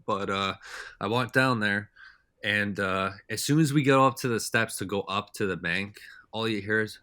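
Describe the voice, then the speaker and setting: Low-voiced man rambling through stories. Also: moderate pace, sharp tone, dry recording. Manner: rambling, loose and talkative. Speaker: podcast guest. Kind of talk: casual storytelling chat.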